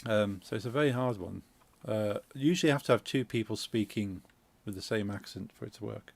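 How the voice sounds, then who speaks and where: A man's voice: on the low side, fairly quick, creaky. A man with an English Midlands accent, hosting a game stream and chatting casually, rambling through explanations with lots of fillers. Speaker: streamer host. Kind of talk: casual chat while gaming.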